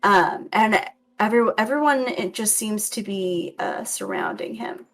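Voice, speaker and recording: A woman narrating as game master of a tabletop game, hesitant and full of pauses. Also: medium pitch, huge pitch swings, a bit bright, poor audio. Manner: slow and hesitant, with many ums. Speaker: dungeon master.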